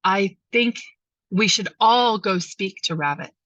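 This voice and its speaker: A woman's voice: medium pitch, animated, takes it slowly, a bit bright, dry recording. A woman voicing a stern male hawk who leads an animal council, speaking firmly and commandingly. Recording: dull lo-fi sound.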